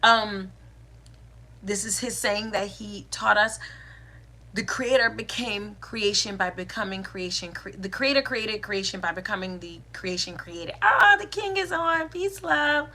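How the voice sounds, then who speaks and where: A woman with a bright, somewhat tense voice talks through a spiritual lesson in a relaxed, conversational way. She circles back to her main phrases and checks in with the listener as she goes. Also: mid-range voice, measured pace. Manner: conversational, repeats key phrases, frequent "right?" and "okay?". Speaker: spiritual talk host. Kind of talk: casual spiritual teaching monologue.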